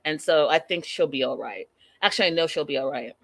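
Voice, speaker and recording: A woman's voice: low voice, expressive, fast talker, gravelly, fairly bright tone, no room sound. A woman hosting a live recap show, talking straight to her viewers in a chatty, amused way.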